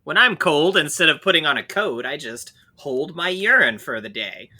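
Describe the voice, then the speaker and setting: A man's voice: on the high side, animated, normal speed, bright, forceful tone, breathy edge. A man co-hosting a podcast, adding wry, teasing jokes in casual chat. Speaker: podcast co-host.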